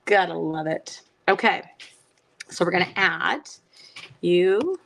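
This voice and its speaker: A woman's voice: fairly low pitch, animated, slow pace, gravelly, poor audio. Woman, middle-aged, chatty crafting stream host, self-teasing, casual live chat. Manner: chatty, self-teasing, answers viewer comments.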